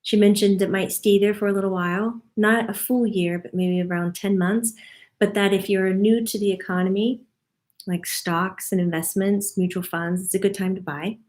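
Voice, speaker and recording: A woman's voice: mid-range voice, fairly even intonation, normal speed, a little mellow. A woman working as a medium, casually passing on a spirit guide's monthly forecast, chatty and given to laughing. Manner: chatty, laughs often, relays what the guide says.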